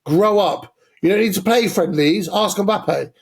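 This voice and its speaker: A man's voice: sits high, unhurried, gravelly, slightly rough. A man co-hosting a casual football podcast, opinionated and sweary, laying out his arguments step by step. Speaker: podcast co-host.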